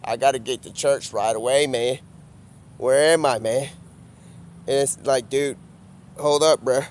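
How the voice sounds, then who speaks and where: A man's voice: medium pitch, steady tone, a little slow, a little hiss or hum. Rambling, drawling man talking outdoors. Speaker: comedic vlogger. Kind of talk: improvised comedy skit.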